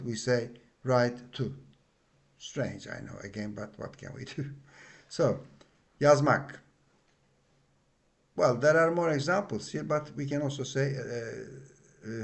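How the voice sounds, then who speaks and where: A man's voice: mid-range voice, gravelly. A man with a Turkish accent giving a spoken grammar lesson, explaining patiently and repeating himself with many fillers. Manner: slow, patient explaining with frequent fillers and repetitions. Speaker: language teacher.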